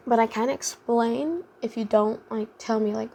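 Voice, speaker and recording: Gravelly-voiced young woman rambling through a story. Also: on the high side, moderate pace, dark tone, slight background noise. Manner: rambling, full of fillers like "like" and "um". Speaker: vlogger. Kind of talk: casual storytime chat.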